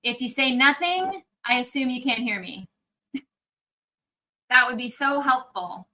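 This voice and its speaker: A woman's voice: high voice, measured pace, pushed and bright, rough recording. A woman doctor hosting a casual livestream Q&A, chatty and upbeat with viewers, with a frog in her throat. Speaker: naturopathic doctor hosting a live Q&A. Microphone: external microphone on a livestream.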